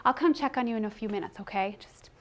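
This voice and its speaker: A middle-aged woman presenting a teaching workshop, conversational and animated, breaking into short acted classroom scenes. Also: on the high side, fast, noisy background. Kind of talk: teaching presentation with role-play demonstration.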